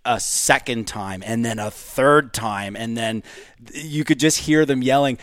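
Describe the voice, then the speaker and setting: A man co-hosting a podcast, telling a story in an animated way and swearing at times. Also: medium pitch, measured pace, no room sound, studio quality. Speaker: podcast co-host. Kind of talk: casual storytelling.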